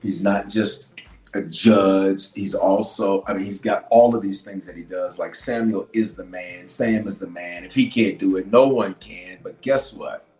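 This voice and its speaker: A man preaching a sermon as a bishop, swinging from loud declarations to hushed lines and repeating phrases for emphasis. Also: low-pitched, measured pace, echoey room, poor audio.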